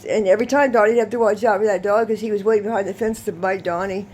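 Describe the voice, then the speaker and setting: A woman's voice: medium pitch, fast. Chatty woman telling a rambling story. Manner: rambling, animated, laughs often. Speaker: vlogger. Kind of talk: casual storytelling to camera.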